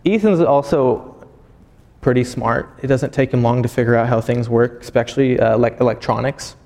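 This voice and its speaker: A man, a pastor, preaching a sermon as animated storytelling and acting out voices. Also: mid-range voice, normal speed, in a large hall.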